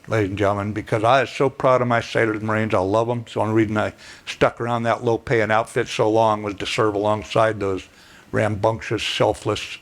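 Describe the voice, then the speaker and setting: An older man giving a plainspoken, folksy storytelling speech as guest speaker, clearing his throat now and then. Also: fairly low pitch. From United States.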